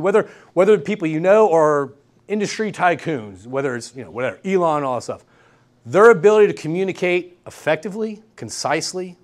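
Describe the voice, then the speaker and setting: A young man giving an energetic workshop lecture in a classroom, repeating key points and checking in with the room. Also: a little high. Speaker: guest lecturer. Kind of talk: university workshop talk.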